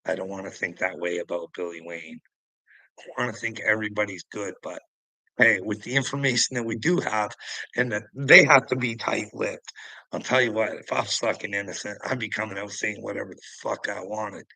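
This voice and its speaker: Sharp-voiced man ranting profanely. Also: on the low side, steady tone, fairly quick, creaky, dry recording, poor audio. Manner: profane, confrontational, goading. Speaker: livestreamer answering chat. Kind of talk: unscripted ranting livestream.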